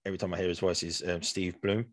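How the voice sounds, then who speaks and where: Low-voiced rambling man. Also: flat delivery, quick pace, no echo. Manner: rambling, many restarts and laughs. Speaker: podcast co-host. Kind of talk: casual chat.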